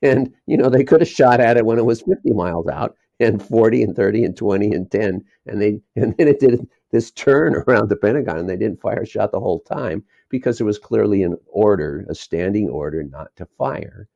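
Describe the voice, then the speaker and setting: A man's voice: fairly low pitch, lively intonation, a little fast, creaky, hardly any pauses, warm tone, dry recording. A man being interviewed as a documentary filmmaker, talking in a rambling, digressive way and chuckling between thoughts. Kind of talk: casual interview talk. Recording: dull lo-fi dry sound.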